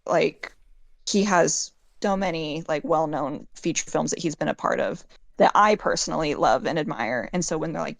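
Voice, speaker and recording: A woman's voice: low voice, moderate pace, vocal fry, no room sound. A woman, a makeup and effects artist, talking casually in an interview and saying "like" a lot. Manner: chatty, heavy use of "like".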